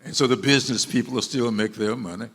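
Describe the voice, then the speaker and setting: Speaking quickly in a mid-range, husky, slightly bright voice, a man makes an emphatic speech to his listeners. He repeats key phrases for stress, with a hall's long reverb around him.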